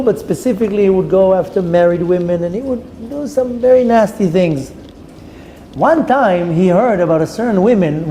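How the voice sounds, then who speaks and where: A man's voice: sits high, dark tone. A man who is a rabbi, teaching a Torah class by telling a story with dramatic voices for the people in it and Hebrew terms mixed in. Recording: long reverb with faint ambient noise.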